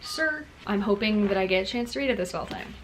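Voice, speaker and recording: A woman's voice: medium pitch, expressive, fairly quick, a little hiss or hum. A young woman chatting casually to camera as a book vlogger, bubbly and full of fillers. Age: young adult. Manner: bubbly, chatty, lots of "like" and "girlie".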